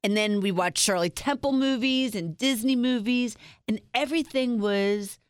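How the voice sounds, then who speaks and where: A woman's voice: fairly high pitch, normal speed, clean tone, dry recording. A middle-aged woman guest telling personal stories in an interview, frank and upbeat, using humor. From Springfield, United States.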